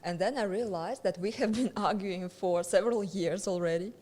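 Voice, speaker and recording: A woman's voice: medium pitch, moderate pace, mellow. Russian-accented woman with a long reverb tail. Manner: chatty, laughs between phrases. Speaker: guest stand-up comedian. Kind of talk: casual interview chat.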